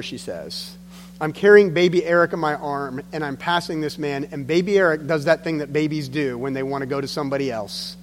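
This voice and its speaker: On the high side and a little fast, a man pastors through a sermon, recounting stories earnestly with emphatic drops. The clip carries long hall reverb and a faint hum.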